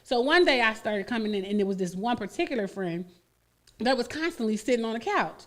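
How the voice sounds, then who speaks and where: A woman co-hosting a radio talk show, telling stories in a blunt, profane, animated way. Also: a little high, fairly quick. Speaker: radio co-host. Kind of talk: casual chat.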